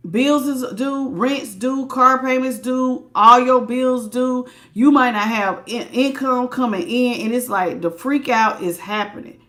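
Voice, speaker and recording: A woman's voice: a little high, measured pace, few pauses, fairly bright tone. A woman giving a live tarot reading, chatty and emphatic, greeting viewers by name and repeating words for stress. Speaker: tarot reader.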